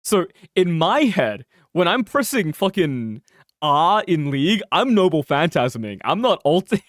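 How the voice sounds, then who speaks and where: A young man chats through a game stream with loose, joking energy and plenty of swearing. His voice swings widely in pitch and sits a little high. The sound is dry and close, from a mic that peaks. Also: measured pace, no echo. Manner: animated, swearing, laughing, joking. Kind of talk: casual gameplay commentary. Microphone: close mic, peaking loud.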